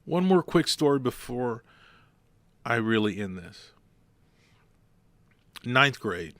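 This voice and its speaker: A man's voice: mid-range voice, sing-song, slow, fairly bright tone, no room sound. A man hosting a motivational podcast, talking bluntly and telling stories with emphasis. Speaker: podcast host.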